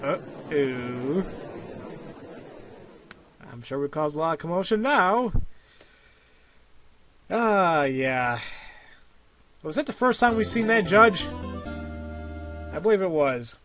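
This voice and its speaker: A man's voice: sits high, big pitch swings, unhurried, pauses often, fairly bright tone, soft background music. A man hosting a let's play, chatting casually and rambling with self-corrections. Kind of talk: casual game commentary.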